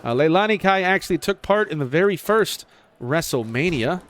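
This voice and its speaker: Over a video game wrestling match, a man delivers casual play-by-play at a normal speed, getting excitable and jumping up in pitch whenever the big moves land.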